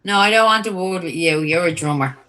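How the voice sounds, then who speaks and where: Woman in a d&d game, flirty and teasing, really bright sharp voice. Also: on the low side, fairly quick. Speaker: player. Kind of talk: in-character tabletop role-play.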